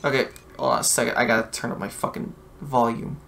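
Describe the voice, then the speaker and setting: A man hosting a let's play, giving casual gameplay commentary over a voice chat, with loud yelled reactions and lots of swearing. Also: medium pitch, fast talker, creaky. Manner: excitable, yelling reactions, heavy swearing. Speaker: let's play host and player.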